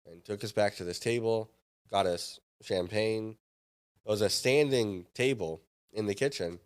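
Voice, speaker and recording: A man in his younger adult years tells a story with plenty of drive, acting out the voices of people in it. His voice sits a little on the low side. He talks like a guest on a relaxed podcast. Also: a little slow, smooth. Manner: lively anecdote-telling, acts out others' lines. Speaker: podcast guest, startup founder and former chef. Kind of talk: animated storytelling.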